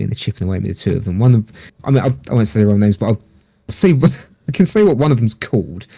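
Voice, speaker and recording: A man, speaking in a low, warm register and telling a rambling story in casual conversation. He swears easily and puts on quick voices for other people's lines. The sound is dry and close. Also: dry recording. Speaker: podcast guest.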